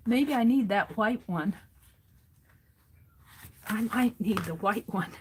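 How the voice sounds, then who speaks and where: Female craft streamer, unhurried, half-talking to herself, noisy desk recording. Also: medium pitch. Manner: chatty, talking to herself while tidying and sewing. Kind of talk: casual craft livestream chat.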